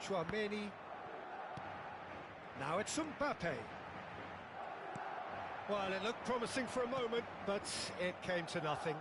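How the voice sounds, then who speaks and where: A man doing play-by-play football commentary, flowery and dramatic, erupting with excitement at big moments. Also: high-pitched, brisk, hardly any pauses, a loud crowd. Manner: flowery, dramatic, bursts into loud excitement at goals. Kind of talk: sports commentary from a video game. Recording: loud background noise.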